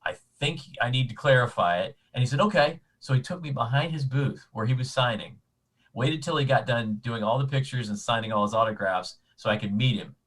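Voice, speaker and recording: A man chatting casually as a convention guest, telling animated anecdotes with frequent restarts. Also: mid-range voice, fairly quick, low-quality recording. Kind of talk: casual storytelling chat.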